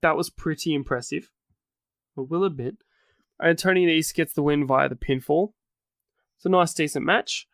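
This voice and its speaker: Aussie male podcast co-host, higher register, dry close mic, rambling recap delivery. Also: moderate pace, gravelly, long pauses, a bit bright, dry recording. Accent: Australian. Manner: rambling, corrects himself mid-sentence. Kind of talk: casual wrestling recap chat.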